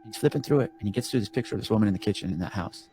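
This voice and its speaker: A man telling a story in a rambling, profane, animated way on a casual podcast. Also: lowish voice, racing. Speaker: storyteller recounting a work call.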